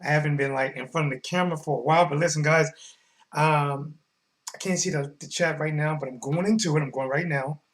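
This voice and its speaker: High-voiced male stream host, hyped slangy sports commentary with loud-soft swings. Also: a little fast. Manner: animated, slangy, swings between mumbling and shouting. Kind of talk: casual live-stream commentary.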